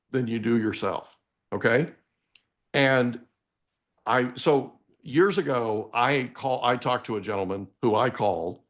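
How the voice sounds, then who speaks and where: A man in his forties, a guest on a live interview, giving motivational parenting advice in an emphatic, preachy way and often checking in with "okay?". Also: fairly low pitch. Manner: emphatic, preachy, addresses listeners directly with repeated "okay?".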